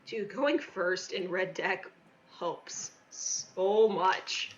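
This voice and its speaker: A woman's voice: mid-range voice, very slow, dull audio, background noise. A woman streaming a card game live, chatting casually with wry, self-deprecating remarks. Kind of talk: casual live-stream commentary while playing.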